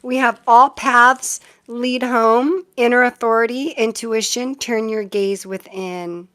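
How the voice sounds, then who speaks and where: A woman's voice: a little high, steady tone, takes it slowly, sharp tone. A middle-aged woman hosting a casual live-stream tarot reading, chatty and easily sidetracked, often breaking into giggles.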